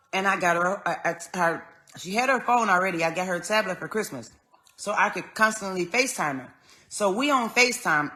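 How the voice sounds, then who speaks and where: A woman tells a personal story straight to the camera. Her voice has a bright, forward edge, and her pitch sits in the middle. She speaks earnestly and conversationally, dropping quiet and then lifting as she retells what was said. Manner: earnest, conversational, swings between quiet and raised when retelling. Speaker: vlogger.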